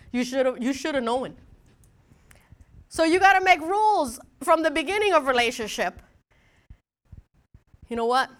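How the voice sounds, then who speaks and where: A middle-aged woman pastor preaching a sermon, telling stories in a lively way and acting out dialogue. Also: high voice. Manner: animated storytelling with laughs and acted-out dialogue.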